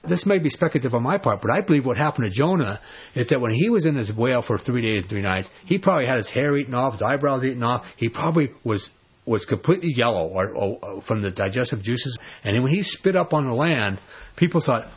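A man preaching a sermon, telling a story with animated energy and laughing as he gets excited. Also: mid-range voice, quick pace, breathy edge. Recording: dull lo-fi recording.

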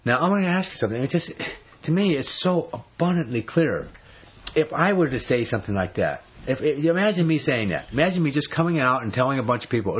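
Emphatic husky-voiced male Bible teacher. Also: mid-range voice, lively intonation, fast, lo-fi sound. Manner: emphatic, rhetorical questions, frequent restarts. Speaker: preacher.

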